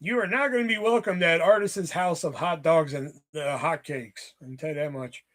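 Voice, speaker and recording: High, bright-voiced man ranting on stream. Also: normal speed. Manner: profane, rambling, mock-angry ranting. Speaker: livestream host. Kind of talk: casual live-stream chat.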